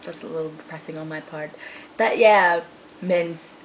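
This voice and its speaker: A young woman vlogging casually, telling a story in a rambling, excitable way with lots of fillers, swinging between loud outbursts and muttered asides. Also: low voice, normal speed, noisy background. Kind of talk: casual vlog chat.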